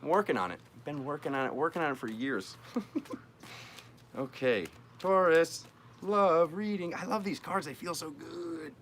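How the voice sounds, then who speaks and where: A man's voice: on the high side, lively intonation, measured pace, a bit bright, a little hiss or hum. Chatty, playful man reading tarot live. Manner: chatty and playful, joking with viewers while shuffling cards. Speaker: tarot reader hosting a live stream.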